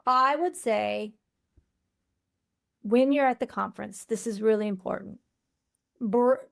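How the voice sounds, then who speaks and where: Woman podcast guest, higher voice, blunt and emphatic. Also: slow, vocal fry, pauses often. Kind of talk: casual interview chat.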